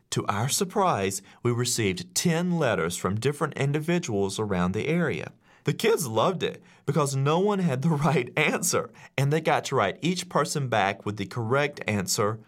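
A man who teaches, telling a story to an audience in an animated way and acting out the voices of the people in it. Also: medium pitch. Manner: animated, acts out quoted voices. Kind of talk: storytelling speech.

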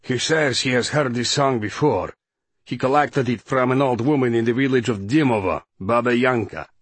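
Guy doing a patient translator man in an audiobook, steady and guarded, husky voice, dead dry. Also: mid-range voice, dry recording. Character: stern adult male translator, patient and guarded. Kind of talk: audiobook character voice.

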